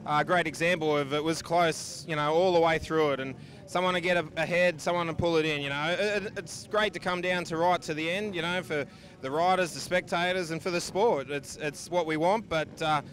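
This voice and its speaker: A man's voice: fairly high pitch, steady tone, a little fast, a bit bright. An Australian man, a sidecar racer, answering trackside questions steadily and matter-of-factly. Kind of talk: casual trackside interview. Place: outdoor speedway pits.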